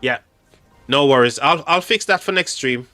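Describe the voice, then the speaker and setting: A man's voice: medium pitch, moderate pace, sharp tone, dry recording, faint music behind. A man hosting a casual livestream, reading chat aloud and laughing often. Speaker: livestream host.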